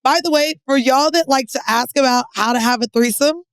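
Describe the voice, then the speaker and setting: Brief: woman podcast co-host, high voice, blunt and opinionated, dry close mic. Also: fairly quick, clear, resonant tone, no echo. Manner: blunt, cuts in with strong opinions. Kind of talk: casual chat.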